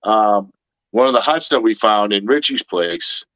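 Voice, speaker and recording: Rambling, halting male co-host. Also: lowish voice, lively intonation, a bit bright, dry recording, rough recording. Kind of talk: casual storytelling chat.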